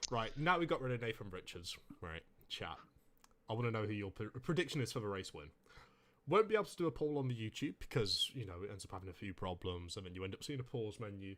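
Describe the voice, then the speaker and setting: Lively joking male race commentator. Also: lowish voice, quick pace. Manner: excitable, jokey banter. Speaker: sim racing co-commentator. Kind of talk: casual esports race commentary.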